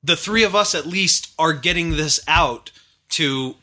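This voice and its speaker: A man's voice: on the high side, measured pace, bright, forceful tone. A man from Massachusetts hosting a casual podcast, rambling and swearing with lots of restarts. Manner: profane, rambling, many restarts. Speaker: podcast host. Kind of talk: casual chat.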